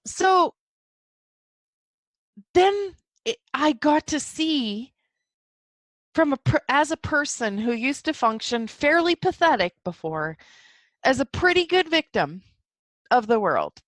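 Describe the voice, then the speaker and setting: A woman hosts a solo self-help podcast, speaking excitably and jumping high in pitch whenever she quotes her own thoughts. There is no echo on the recording.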